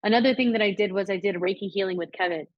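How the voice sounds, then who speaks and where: A woman co-hosts a podcast of casual spiritual chat, rambling with lots of likes and restarts. Her mid-range voice moves rapid-fire, with no room sound, and the recording is dry and slightly dull.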